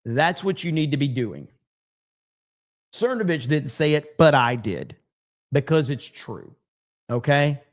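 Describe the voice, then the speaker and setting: A man hosting a live stream, giving brash, profane, repetitive commentary. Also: on the high side. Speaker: streamer host.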